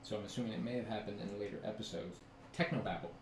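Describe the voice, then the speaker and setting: A male talk-show host firing off upbeat questions at a rapid pace. His voice sits mid-range and is recorded in an echoey room with faint noise behind. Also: lowish voice, steady tone. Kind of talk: casual interview chat.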